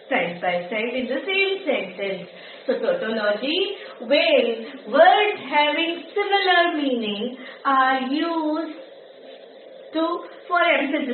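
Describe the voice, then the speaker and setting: A woman teacher explains grammar slowly and patiently, repeating herself and asking the class rhetorical questions. Her voice sits high. The recording is echoey, distant and thin like a phone line, with a faint hiss underneath. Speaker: English teacher.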